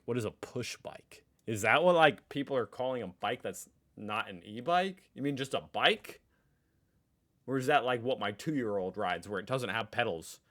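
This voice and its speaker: A man's voice: mid-range voice, expressive, moderate pace, fairly bright tone. An American man in his thirties hosting a reaction video with casual commentary and joking, sarcastic asides. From United States.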